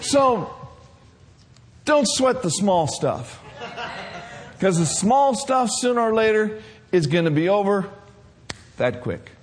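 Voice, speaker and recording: A man's voice: sits high, very animated, takes it slowly, pauses often, slight background noise. A man preaching a sermon, leading the congregation in call-and-response and repeating his key phrases.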